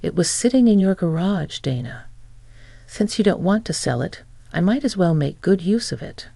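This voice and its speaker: A woman's voice: fairly low pitch, lively intonation, normal speed, creaky, dark tone, no room sound. A woman voicing a smug, entitled middle-aged mother-in-law who speaks nonchalantly and taunts.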